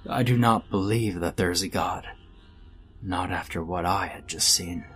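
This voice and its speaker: An eerily calm young girl speaks with a flat, unsettling evenness, as a man narrating a horror story puts her on. Her voice sits low and hushed, drained of any panic. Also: a little slow, soft background music. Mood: eerie calm.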